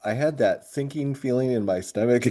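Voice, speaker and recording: Man, high school coach, interview storytelling, warm mellow voice, laughs a lot while telling stories. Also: moderate pace. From grew up moving around as a military kid. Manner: animated storyteller who laughs often through his tale.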